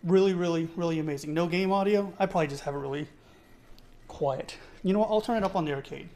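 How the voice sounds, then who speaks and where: Male streamer, slightly high-pitched, casual and enthusiastic, talking a live audience through a tech setup. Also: quick pace, dark tone, a little hiss or hum. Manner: chatty, keeps checking in with chat; enthusiastic, thinks aloud. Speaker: streamer hosting a tutorial.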